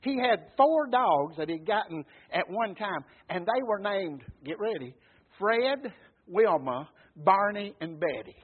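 A man's voice: high voice, animated, unhurried, slightly rough. A man preaching a sermon, telling folksy stories and calling out to the congregation for an "Amen.". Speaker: pastor. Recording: muffled phone-like recording.

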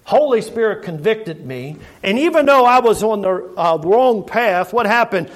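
A middle-aged preacher with a notably high voice gives an earnest sermon, expressive and a little slow. He leans on rhetorical questions to the congregation and often circles back, repeating and restarting his phrases.

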